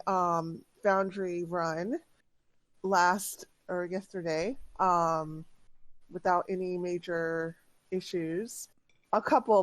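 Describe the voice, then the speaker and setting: A woman's voice: medium pitch, no room sound. A woman who is the game master, chatting casually before a tabletop session in a talkative way with lots of filler words.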